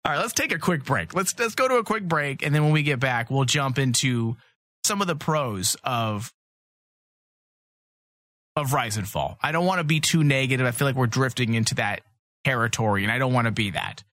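A man's voice: medium pitch, lively intonation, moderate pace, a bit bright, no room sound. A man hosting a comics podcast, talking in blunt, profane, rambling casual chat. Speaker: podcast host.

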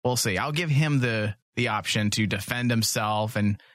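A man's voice: on the low side, normal speed, fairly bright tone, dry recording, studio quality. A young man hosting a casual podcast, joking and self-mocking. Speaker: podcast host.

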